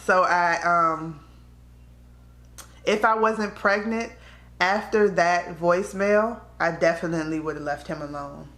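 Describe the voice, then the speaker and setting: Woman vlogger, low-pitched and candid, talking straight to camera in a roomy, echoey space. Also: slow, fairly bright tone. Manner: candid, conversational, slips into quoted voices. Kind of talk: casual storytelling to camera. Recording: echoey room.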